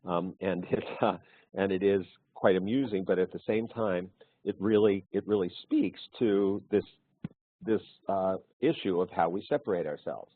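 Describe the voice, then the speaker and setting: A man with a deep, slightly husky voice speaks in an easygoing, anecdotal way as a webinar presenter. The sound is dry and squeezed into a narrow, phone-like band, as on a video call. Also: moderate pace, dry recording. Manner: anecdotal, storytelling. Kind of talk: conversational webinar talk.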